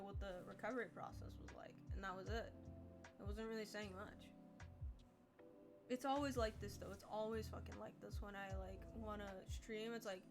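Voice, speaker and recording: A young woman chatting casually on a live art stream. She sounds tired and rambles candidly, swearing now and then. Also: fairly high pitch.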